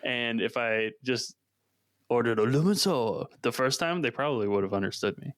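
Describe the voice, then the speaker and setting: A man's voice: mid-range voice, animated, moderate pace, a bit bright, no room sound, studio quality. A man co-hosting a podcast, chatting casually in a laid-back, joking way. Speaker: podcast co-host. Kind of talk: casual chat.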